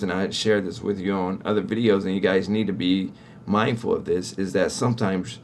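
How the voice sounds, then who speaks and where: His voice sits low and a little mellow, with slight background noise. In a conversational how-to for cleaning-company owners, this business owner explains how to win contracts and keeps checking in with "right?".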